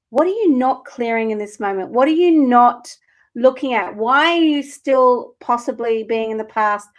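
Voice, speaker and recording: A woman co-hosting a live stream and reading spiritual cards for viewers, earnest and emotional with the odd swear. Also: high-pitched.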